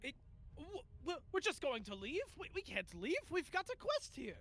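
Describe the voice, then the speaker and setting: A man voicing Quinn, a frantic fantasy adventurer, speaking in high, excited outbursts during a tabletop game. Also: moderate pace, heavily acted. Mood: protesting.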